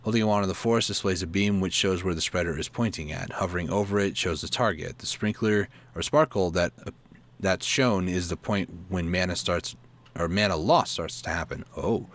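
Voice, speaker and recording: Low-voiced man reading a game guide aloud. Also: fairly bright tone. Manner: reads aloud haltingly, stumbling and self-correcting; asides and questions to himself between reading. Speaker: gaming channel host.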